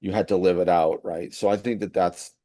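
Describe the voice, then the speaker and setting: A man with a low voice calmly shares his opinion in a faith conversation. His voice sounds dry and close. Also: brisk, no room sound. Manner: thoughtful, offering opinion. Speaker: co-host. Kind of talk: casual faith talk.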